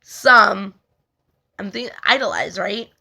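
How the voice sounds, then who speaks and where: Young woman with a bright, gravelly voice, casual spiritual talk, rambling with lots of fillers. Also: mid-range voice, lively intonation, takes it slowly. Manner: rambling, frequent "like" fillers, stumbles over words and laughs. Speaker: spiritual healing video host. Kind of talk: casual talk reading aloud from a text.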